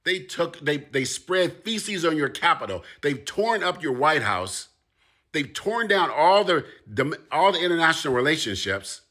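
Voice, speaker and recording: This commentator's voice sits on the high side, with big pitch swings and a slightly slow pace. Addressing his audience directly, he delivers a forceful, impassioned monologue, repeating and building emphasis.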